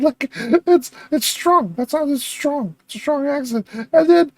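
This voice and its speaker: A woman hosting a reaction video, thinking aloud with excitable chatter and frequent laughs. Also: sits high, a little slow, few pauses, no echo.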